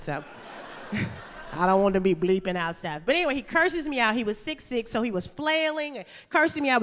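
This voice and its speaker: A woman telling a funny true story on stage, chatty and animated, laughing through her lines. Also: mid-range voice. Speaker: storyteller and stand-up comedian. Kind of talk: live comedic storytelling. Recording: reverberant hall.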